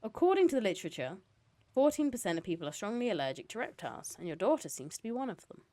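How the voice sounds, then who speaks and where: A woman reading the lines of a friendly, soft-spoken male field biologist who reassures worried parents. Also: medium pitch, sing-song, fast, no room sound, voice pushed up, lightly acted. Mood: reassuring.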